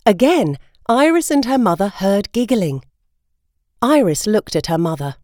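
Woman storybook narrator; lilting, animated read, dry close mic. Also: mid-range voice, a little slow, no room sound.

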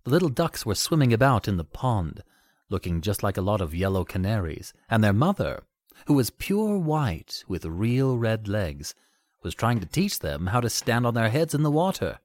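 A man narrating a fairy tale in an expressive storytelling manner. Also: on the low side, normal speed, dry recording.

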